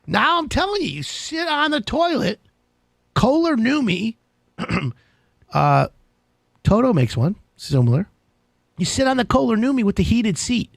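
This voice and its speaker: A man hosting a live home-improvement show, talking in a rambling, jokey, excitable way. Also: extremely high pitch, measured pace, creaky, pauses often, dry recording. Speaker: radio show host. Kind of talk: casual live call-in show chat.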